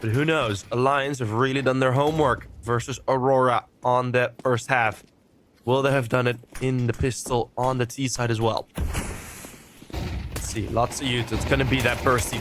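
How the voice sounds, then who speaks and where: A man casting a competitive shooter match live, giving animated play-by-play commentary that drifts into chatty tangents. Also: mid-range voice, moderate pace, background noise. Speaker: esports caster. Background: faint game gunfire.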